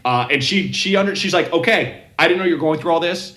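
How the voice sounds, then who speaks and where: Bright-voiced man telling rambling stories. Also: on the high side, fast talker, roomy sound, poor audio. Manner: rambling, self-interrupting anecdotes with quoted voices. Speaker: comedian guest. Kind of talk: casual podcast storytelling.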